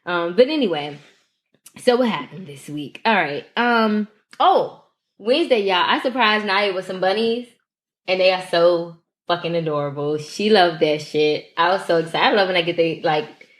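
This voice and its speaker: A woman's voice: lowish voice, normal speed. A young woman hosting a podcast, telling loose, profane stories in casual chat, a bit hungover. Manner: loose, profane storytelling with laughs. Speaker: podcast host.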